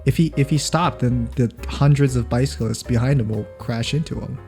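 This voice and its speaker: A man's voice: mid-range voice, normal speed, creaky, warm tone, soft background music. A young man co-hosting a podcast in casual chat, rambling and restarting his sentences. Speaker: podcast co-host.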